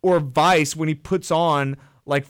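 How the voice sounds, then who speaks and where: A man co-hosting a casual film podcast, rambling with lots of restarts and addressing listeners as ladies and gentlemen. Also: a little high, fairly even intonation, slow pace, no room sound, studio quality. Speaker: podcast co-host.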